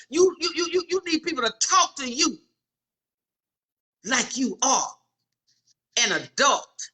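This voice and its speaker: High, bright-voiced woman preaching. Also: animated, normal speed. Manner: emphatic, repetitive, calls out to listeners. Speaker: inspirational speaker. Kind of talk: preaching motivational talk.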